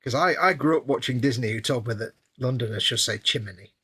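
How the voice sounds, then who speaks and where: A middle-aged man with a bright, tense tone and a slightly husky edge. His sound is dry and close, with no room echo. He chats casually with dry, wry humour. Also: medium pitch, fairly quick. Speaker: co-host of a live hobby stream. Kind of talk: casual banter.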